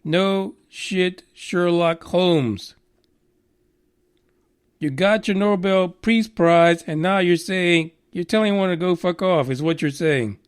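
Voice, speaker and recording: A man's voice: high voice, measured pace, hardly any pauses, smooth. A man hosting a podcast, ranting sarcastically with blunt, profane commentary on the news. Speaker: podcast host.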